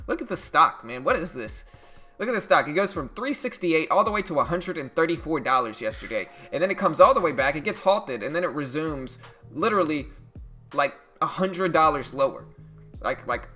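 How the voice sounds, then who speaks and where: A man hosting a casual day-trading live stream, reading market news and reacting to stocks in a chatty, animated way. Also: mid-range voice.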